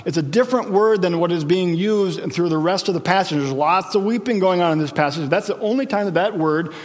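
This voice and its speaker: A man's voice: high-pitched, a little fast, in a large hall. A man preaching a sermon as pastor, explaining scripture in a conversational way and checking in with his listeners.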